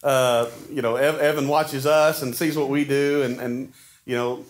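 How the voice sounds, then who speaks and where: A man's voice: mid-range voice, steady tone, a little slow. A man, preaching a sermon to his church in a folksy, conversational way with frequent restarts. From Arkansas. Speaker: pastor. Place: church sanctuary.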